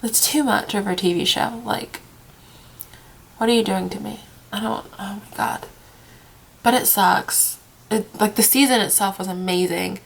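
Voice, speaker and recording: A woman's voice: mid-range voice, steady tone, normal speed, vocal fry, slightly rough. A young woman vlogging casually, worn out from crying and short on sleep, rambling and trailing off into whispers. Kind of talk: casual emotional vlog.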